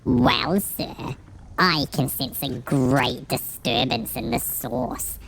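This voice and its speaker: A man voicing an old drunken villager who rambles in a slow, folksy rustic dialect. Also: a little high, sing-song, gravelly, a bit bright, slight background noise, voice pushed up, full character voice, low-quality recording. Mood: ominous.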